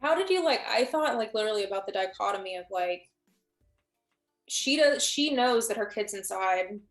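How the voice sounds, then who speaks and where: A woman's voice: medium pitch, animated, normal speed, echoey room, faint music behind. A woman talking casually as a guest on a live stream, thinking aloud and often restarting her sentences.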